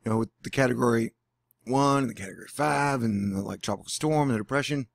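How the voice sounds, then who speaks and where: Sarcastic, rambling man with a gravelly voice. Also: medium pitch, quick pace, dry recording. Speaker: weather vlogger. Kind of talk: casual vlog commentary. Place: indoors at home.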